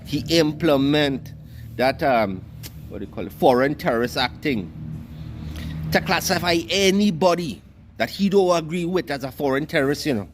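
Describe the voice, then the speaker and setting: A man's voice: fairly high pitch, expressive, moderate pace, a little hiss or hum. A man with a Trinidadian Creole accent, delivering a heated, scornful monologue and cussing freely. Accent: Trinidadian Creole English. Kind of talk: ranting monologue.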